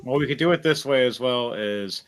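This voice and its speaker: A man's voice: medium pitch, normal speed, clean tone. A man narrating as game master of a tabletop game, rambling with lots of fillers and restarts.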